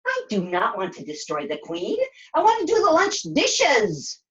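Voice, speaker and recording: A woman puppeteer voicing a chatty, excitable young girl who talks in quick, sassy bursts during a puppet show. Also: on the high side, muffled recording. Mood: sassy, excited. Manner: breathless, sassy, quick to exclaim.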